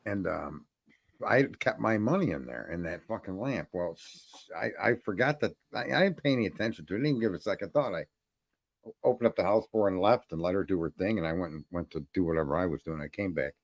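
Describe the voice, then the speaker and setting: A man's voice: low-pitched, expressive, fast talker, creaky, no room sound, studio quality. A man hosting a casual talk show, telling crude rambling anecdotes full of swearing and laughter. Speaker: host. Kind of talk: crude casual podcast storytelling.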